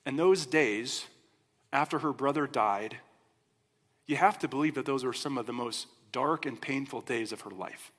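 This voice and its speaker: A man preaching a sermon as a pastor, in a conversational, animated storytelling way. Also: medium pitch, normal speed. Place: church sanctuary. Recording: long hall reverb.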